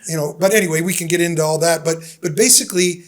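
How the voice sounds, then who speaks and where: Casting: American man, fifties, slightly higher voice, animated storyteller for a casual podcast interview. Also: quick pace. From United States. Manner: animated storyteller who acts out the people he quotes. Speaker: podcast guest.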